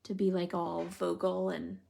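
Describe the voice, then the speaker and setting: A woman's voice: on the low side, monotone, measured pace, gravelly, mellow, slightly rough. A woman hosting a live stream, telling funny stories and chatting casually with viewers by name while she colors. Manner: chatty, giggly storyteller, replying to viewers by name.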